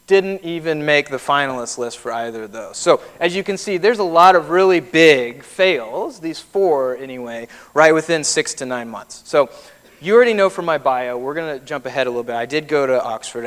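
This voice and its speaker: In a large hall with long reverb, a man in his thirties gives a keynote, weaving in personal stories conversationally. He speaks at a medium pitch with a fairly bright tone.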